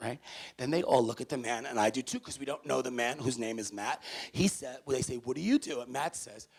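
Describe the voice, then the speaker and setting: This New York City man, a motivational speaker, narrates a story for students in a big hall at a fairly quick pace. His mid-range voice has a breathy edge, and he animatedly gives every character its own voice.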